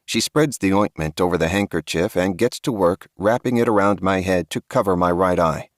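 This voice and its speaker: Deep-voiced man narrating a horror audiobook. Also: normal speed, dry recording, clean studio sound. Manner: grave, tense storytelling.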